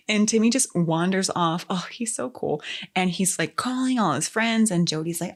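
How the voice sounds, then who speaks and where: Woman co-host, casual film-recap chat, low-pitched and animated. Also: moderate pace. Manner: animated storyteller, acts out quotes. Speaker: podcast co-host.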